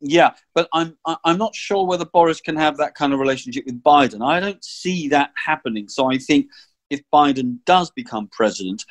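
Measured man hosting a political chat. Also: mid-range voice. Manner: measured, hesitant, thinking aloud. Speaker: podcast host.

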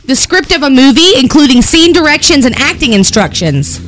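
A woman's voice: high-pitched, big pitch swings, brisk, a bit bright, a little hiss or hum, rough recording. Wry, teasing female radio co-host. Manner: wry, teasing, laughs often. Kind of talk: casual radio banter.

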